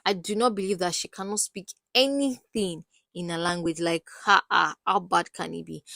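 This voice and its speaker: A woman with a Nigerian accent recapping a reality show in a casual, gossipy way, animated and full of exclamations. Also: lowish voice, gravelly, no echo, studio quality. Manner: animated, exclamatory, swinging loud and soft.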